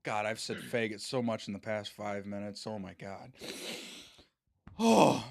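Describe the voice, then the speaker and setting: A young man co-hosting a casual podcast chat, rambling and stammering, often breaking into laughter and loud mock outbursts. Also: on the low side, a little slow, creaky. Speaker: podcast co-host.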